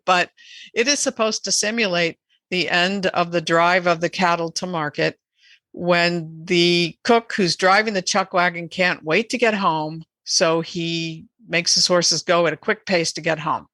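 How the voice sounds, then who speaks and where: A woman guest on a podcast interview, explaining in a measured, earnest way. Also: lowish voice, fairly even intonation, sharp tone, no room sound. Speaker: animal rights advocate guest.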